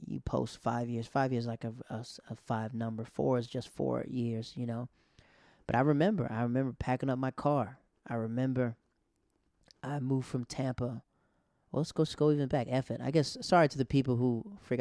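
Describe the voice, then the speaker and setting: A man's voice: mid-range voice, creaky, mellow, dry recording, clean studio sound. A man hosting his own podcast, a stand-up comic telling a loose, slangy story full of quoted dialogue. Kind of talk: casual storytelling monologue.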